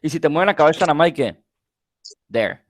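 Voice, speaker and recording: A man whose first language is Spanish, teaching an English grammar class online, repeating example sentences slowly and quizzing his students. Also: on the high side, animated, no room sound, studio quality. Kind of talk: live online class lecture.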